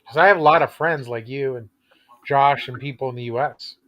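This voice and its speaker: A man's voice: mid-range voice, brisk, a bit bright. A man from Canada in a casual group chat, talking freely and laughing between thoughts. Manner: chatty, laughs often, restarts sentences. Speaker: chat participant.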